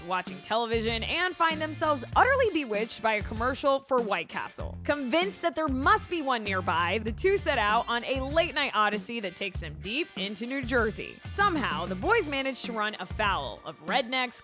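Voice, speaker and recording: A woman reads scripted countdown narration in an upbeat, announcer-like way. Her pitch is lively and a little high, with clear music beneath.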